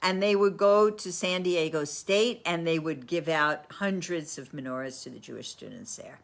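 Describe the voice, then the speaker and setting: A woman teaching a class and telling a story in a lively way, with frequent restarts and laughs. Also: low voice, normal speed, vocal fry.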